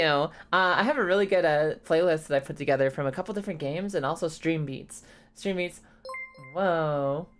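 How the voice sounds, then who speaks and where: A young woman streamer chatting casually and congested, rambling, swearing freely and breaking into high laughs. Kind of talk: casual live-stream chat.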